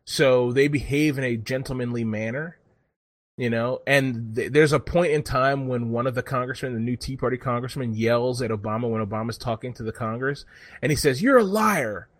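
A man's voice: medium pitch, a little fast, dry recording. A man telling a story in casual chat, rambling and cursing freely as he goes. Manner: profane, rambling, animated storytelling.

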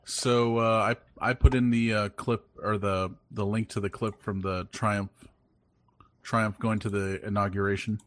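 Easygoing male host; low voice, dry close recording. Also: little pitch movement, measured pace, a bit bright, no room sound. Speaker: podcast host. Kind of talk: casual chat.

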